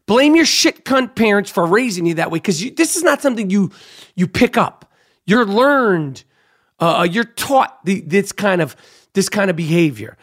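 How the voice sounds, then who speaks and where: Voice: mid-range voice, sing-song, moderate pace, fairly bright tone. A podcast host delivering a profane, angry monologue with frequent stammering restarts and repeated phrases.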